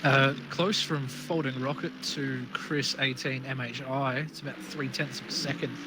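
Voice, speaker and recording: A young Australian man calls a sim race with quick, joking banter. His voice sits in a middle pitch. A clear hiss of noise runs under the stream audio. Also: fairly even intonation. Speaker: race commentator. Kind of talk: live sim racing commentary.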